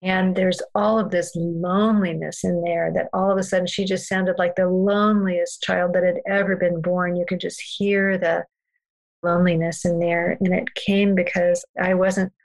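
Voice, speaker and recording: Woman guest, low gravelly voice, flat, earnest storyteller. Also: moderate pace, rough recording. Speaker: parenting guest expert. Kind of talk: storytelling in a podcast conversation.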